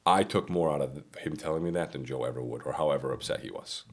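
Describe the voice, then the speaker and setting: A man hosting a casual business podcast, telling workplace stories and acting out quotes in a raised voice. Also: fast. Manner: storytelling, acts out quotes in a higher voice, repeats himself. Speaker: podcast host, business owner.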